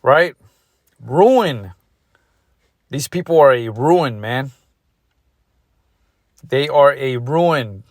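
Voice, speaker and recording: A man delivers a furious, profane street sermon in a mid-pitched voice. He hammers each point home and caps almost every phrase with "man". The recording is close and dry, with no room echo. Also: animated, extremely slow, long pauses. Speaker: street preacher. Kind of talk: angry ranting sermon.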